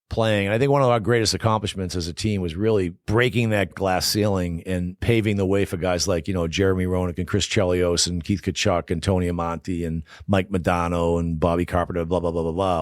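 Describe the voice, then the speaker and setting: Older male guest from Boston, low-ish voice, quick and animated, dry close-mic interview read. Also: no room sound. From Boston, United States. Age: 60s. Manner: animated storyteller who acts out quoted voices. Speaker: guest, former Olympic hockey player. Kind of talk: casual storytelling interview.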